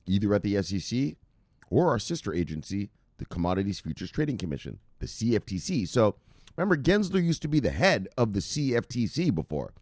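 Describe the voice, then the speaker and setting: Animated, laughing male crypto commentator. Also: on the low side, brisk, no echo, clean studio sound. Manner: rambling, laughing, profane, animated. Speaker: crypto news host. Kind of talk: casual news commentary.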